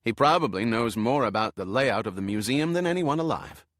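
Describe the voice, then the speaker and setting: A male narrator voicing a brisk, formal male museum director. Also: mid-range voice, animated, fairly bright tone, no echo, studio quality, close to an everyday voice.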